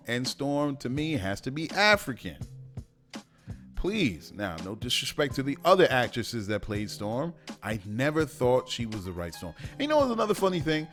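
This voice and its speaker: A man's voice: medium pitch, a bit bright. A man hosting a podcast, giving opinionated solo commentary with many fillers and restarts. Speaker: podcast host.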